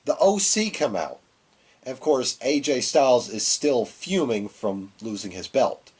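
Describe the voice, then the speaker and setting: A man's voice: medium pitch, very animated, unhurried, a little mellow, slightly rough. A man co-hosting a podcast, giving a loose, rambling recap of a wrestling show while getting over a cold. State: has a cold, coughing. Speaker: podcast co-host.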